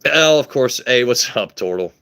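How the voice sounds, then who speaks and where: A man's voice: mid-range voice, lively intonation, normal speed, a bit bright, clear, resonant tone. A young man hosting a casual whiskey livestream, joking crudely and answering his chat as he pours.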